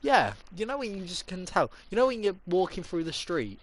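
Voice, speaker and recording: Animated young man telling stories. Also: high voice, a little fast, a little hiss or hum. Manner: animated, laughing storyteller. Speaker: podcast co-host. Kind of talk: casual chat.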